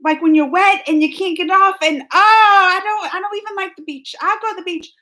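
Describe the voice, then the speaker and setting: A woman's voice: very high voice, fast talker, fairly bright tone. A woman hosting a casual live reaction stream, reading viewer comments aloud in a chatty way and laughing often. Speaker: reaction channel host.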